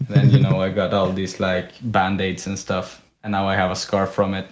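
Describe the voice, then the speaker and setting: A man's voice: deep voice, normal speed, slight background noise. A young man from Sweden co-hosting a casual podcast, telling rambling stories with lots of laughter. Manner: rambling, animated, laughs often. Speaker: podcast co-host. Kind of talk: casual chat, storytelling. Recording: echoey room.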